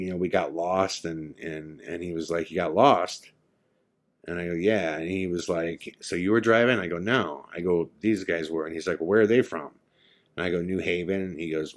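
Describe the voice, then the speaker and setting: A man's voice: low voice, fairly even intonation, normal speed. A man from California, a podcast host, vividly telling a first-person ghost story and acting out the lines of the people in it. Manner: vivid, acts out his own and others' lines. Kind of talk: dramatic storytelling.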